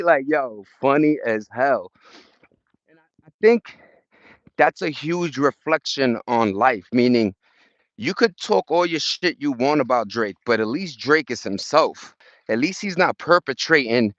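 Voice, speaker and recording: A man's voice: mid-range voice, animated, moderate pace, a bit bright, dry recording. New york dude streaming from his phone on a hill walk, loose slangy talk, dry muffled audio. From Brooklyn, New York. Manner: upbeat, profane street slang, greets viewers; talking while walking uphill outdoors. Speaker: livestreaming vlogger. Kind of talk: casual live-stream chat. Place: outdoors in a park on a hill. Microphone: phone held at arm's length.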